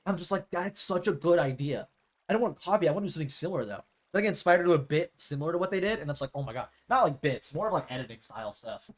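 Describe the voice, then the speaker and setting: A man's voice: on the high side, expressive, rapid-fire, hardly any pauses. A man chatting casually with his stream viewers as a live streamer, rambling and acting out quoted exchanges.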